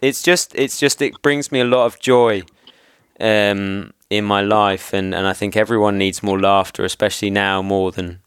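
A man's voice: lowish voice, fairly even intonation, moderate pace, fairly bright tone, clear, resonant tone, no room sound, studio quality. An English man hosting a casual podcast chat, rambling and chummy, often laughing as he talks. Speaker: podcast host.

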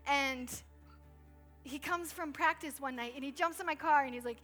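A woman in her thirties, a pastor's wife, preaches a conversational sermon from a church stage, telling stories in a chatty way and saying "like" a lot. Her high, bright voice has a pushed quality and moves at a moderate pace, with soft music playing in the background.

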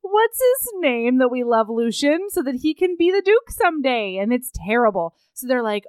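A woman co-hosting a casual book chat, excitable and swearing casually. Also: sits high, moderate pace, few pauses, clear, resonant tone, dry recording. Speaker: podcast co-host.

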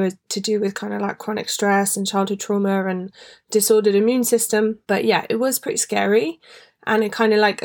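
A woman, hosting a podcast and talking through a recent trip in a rambling, emotional way with many fillers. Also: medium pitch. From England. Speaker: podcast host. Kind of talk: personal monologue.

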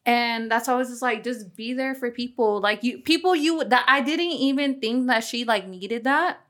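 A woman's voice: fairly high pitch, normal speed, a bit bright. A young woman hosting a casual podcast chat, candid, swearing freely and laughing often. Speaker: podcast host.

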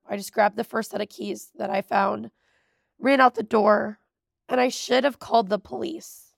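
A woman in her thirties tells a personal story on her podcast with candid, raw emotion. Her voice sits a little high and has a gravelly fry. The recording is dry and close. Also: dry recording. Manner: candid, emotional, tearful at times. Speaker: podcast host.

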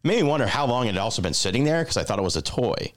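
A man's voice: medium pitch, very animated, very fast. A man co-hosting a podcast in laid-back casual chat, swearing a lot. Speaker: podcast co-host.

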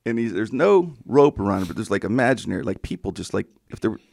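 A male radio host telling a story in a rambling, excitable way and breaking into his own sentences. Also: lowish voice, fast, creaky, no echo, clean studio sound. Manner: rambling, excitable, self-interrupting. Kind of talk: casual storytelling.

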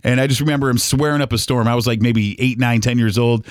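Middle-aged male host from Ohio, casual meandering storyteller, mid pitch, dry close sound. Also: little pitch movement, quick pace, no echo. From Toledo, Ohio. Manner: rambling, with many fillers and restarts. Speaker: podcast host. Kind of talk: casual reminiscing monologue.

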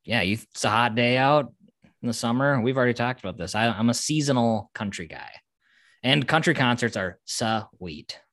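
Young man, podcast co-host, relaxed and wry, mid pitch, dry close recording. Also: a little fast, dry recording. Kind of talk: casual chat.

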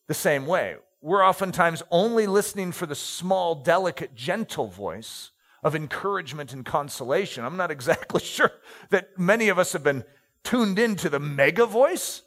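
A middle-aged preacher with a somewhat high voice gives a sermon from a church stage, holding a handheld mic. He reads scripture expressively, slowing down and pressing on key words, and drops joking asides to the congregation between passages.

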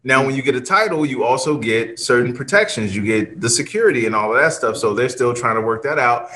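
A man co-hosting a casual podcast chat, a comedian who talks in an animated way, laughing and restarting his sentences. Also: mid-range voice, brisk, a little hiss or hum. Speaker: co-host.

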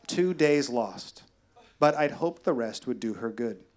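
A man telling a wry, deadpan personal story at a live storytelling show. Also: mid-range voice, unhurried. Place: live venue.

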